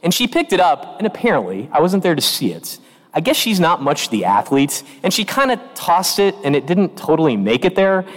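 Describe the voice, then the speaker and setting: A man preaching a homily as parish priest, telling stories with animated quoted voices, recorded in a church. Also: on the high side, a little fast. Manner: storytelling with lively quoted voices. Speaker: pastor. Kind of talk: sermon. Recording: long reverb of a church.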